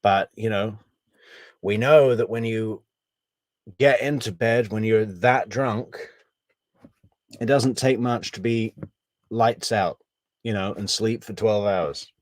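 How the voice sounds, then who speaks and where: A man with a low voice talks through a case in casual commentary. He is measured, thinks out loud and drops wry asides. The sound is dry and close. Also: steady tone, no echo. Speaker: true crime commentator.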